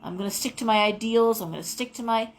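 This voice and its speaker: A woman's voice: fairly high pitch, fast, a little hiss or hum, low-quality recording. Rambling middle-aged woman reading tarot. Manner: rambling, digressive storytelling. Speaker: tarot reader host. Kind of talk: casual live tarot reading.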